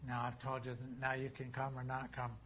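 A man preaching a sermon as a pastor, emphatic, slowing down to read scripture aloud. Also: medium pitch, monotone, a bit bright, slight background noise.

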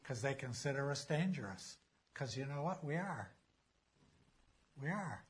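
A man preaching a sermon as a pastor, emphatic, slowing down to read scripture aloud. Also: medium pitch, animated, husky.

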